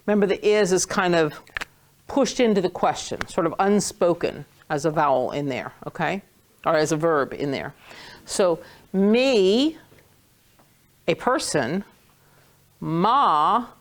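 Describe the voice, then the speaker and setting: Woman, language teacher, playful, patient, slow delivery. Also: fairly low pitch. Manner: patient, playful, drawn-out words when stressing. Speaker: Hebrew teacher. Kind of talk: classroom lesson.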